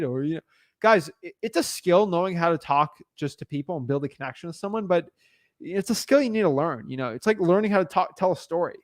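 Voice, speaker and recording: A young man coaching viewers in a casual, energetic talk, often repeating a word as he starts a sentence. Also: on the high side, fast, no echo, studio quality. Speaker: real estate coach. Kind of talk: casual training talk to camera.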